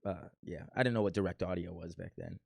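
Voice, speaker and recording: A man's voice: low-pitched, fast talker, gravelly, dry recording. A man casually commenting on his own old home video, joking and playfully boasting about himself. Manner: self-mocking, playfully boastful. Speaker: reaction video host.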